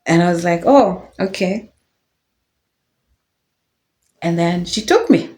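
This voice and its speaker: A young woman gives a personal testimony on her vlog, speaking briskly in a fairly low voice with lively intonation. Her account of her life is candid, casual and reflective, dotted with soft laughs and fillers.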